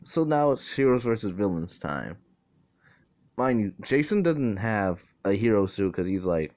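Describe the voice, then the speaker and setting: A man's voice: lowish voice, big pitch swings, unhurried, a little mellow. A man casually retelling a fan story, rambling and swearing, with many fillers. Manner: rambling, profane, full of fillers like "basically" and "like".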